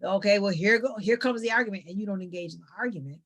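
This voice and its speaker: A woman psychologist talking as an interview guest, giving lively conversational advice and acting out little family dialogues. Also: medium pitch, quick pace. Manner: animated, acts out family dialogues with quoted voices.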